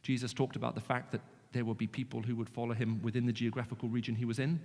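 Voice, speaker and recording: A man's voice: medium pitch, fast. British-accented man speaking in a reverberant hall. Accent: British English. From Middle East. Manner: animated, jokey, frequent restarts. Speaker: guest speaker. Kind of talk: evangelistic talk to students.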